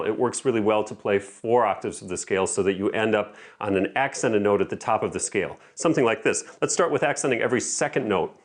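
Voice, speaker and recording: A man teaching piano, explaining practice methods in a clear, methodical way and calling out rhythm examples. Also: on the low side. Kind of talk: instructional lesson. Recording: faint piano music in background. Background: piano playing between explanations.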